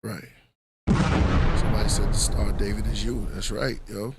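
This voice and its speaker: A low, gravelly man with a New York accent hosts a live podcast. He muses loosely and philosophically, pausing on fillers as he goes. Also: very noisy. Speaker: podcast host. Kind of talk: casual live podcast talk.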